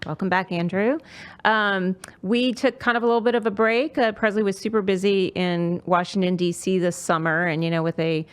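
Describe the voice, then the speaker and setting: A woman's voice: medium pitch, fairly even intonation, moderate pace, clean tone. A middle-aged woman hosting a casual podcast chat, talking with lots of fillers and restarts. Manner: chatty, many fillers and restarts. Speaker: podcast host.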